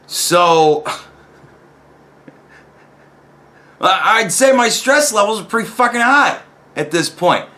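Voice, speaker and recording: A man's voice: high voice, animated, drawn-out words, pauses often, pushed and bright. A man in an angry personal vlog rant, profane, heated and rambling. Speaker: vlogger.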